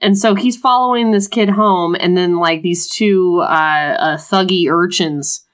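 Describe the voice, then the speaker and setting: A woman's voice: lowish voice, unhurried, smooth. A woman co-hosting a podcast, casually retelling a book's plot in a jokey way. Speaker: podcast co-host. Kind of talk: casual book discussion.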